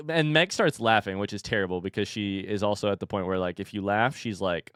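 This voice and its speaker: A man streaming from home, chatting casually and telling an animated story between laughs. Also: lowish voice, quick pace, hardly any pauses, clean tone, no echo, studio quality. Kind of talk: casual chat. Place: home room with a standing desk.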